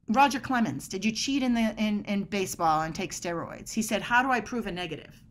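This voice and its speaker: Emphatic, lively woman expert. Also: mid-range voice, fairly quick. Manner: energetic, emphatic, acts out quoted dialogue. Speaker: body language expert guest. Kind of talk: animated podcast conversation.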